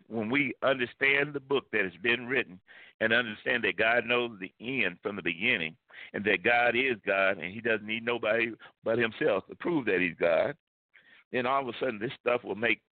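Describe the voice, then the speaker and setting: A man's voice: mid-range voice, no echo. Man preaching over a tinny line. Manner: emphatic preaching, repeats key phrases. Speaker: pastor. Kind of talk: sermon. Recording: tinny phone-like line, dry.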